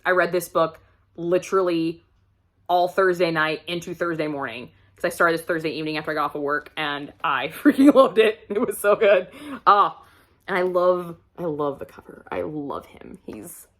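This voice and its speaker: A woman's voice: on the low side, moderate pace. Gushing, chatty woman book vlogger. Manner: gushing, chatty, laughs often. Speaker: book reviewer. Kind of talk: casual book review vlog.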